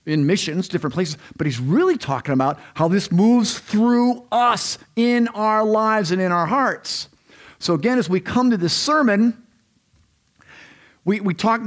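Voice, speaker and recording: A man preaching a sermon in a church, conversational and rambling, often restarting his sentences. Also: sits high. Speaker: pastor. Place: church sanctuary.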